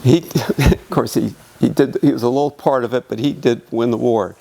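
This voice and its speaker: An older man, a museum docent, telling a childhood memory in a halting, emotional way. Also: medium pitch, vocal fry, dark tone. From United States. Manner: reminiscing, emotional, halting with restarts. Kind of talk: panel storytelling. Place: museum meeting room.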